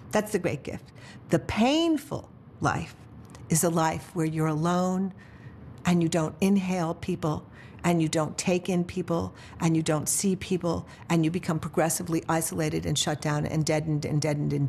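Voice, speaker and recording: Earnest, measured woman with a lowish voice. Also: vocal fry, a little mellow, a little hiss or hum. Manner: measured and earnest, with long repeating lists. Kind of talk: reflective interview.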